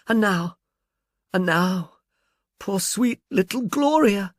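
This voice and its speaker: A man voicing a theatrical, tearful woman who gushes and pleads in a high, breathy voice and turns spiteful. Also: lively intonation, unhurried, no room sound, studio quality, exaggerated voice. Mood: mournful gushing.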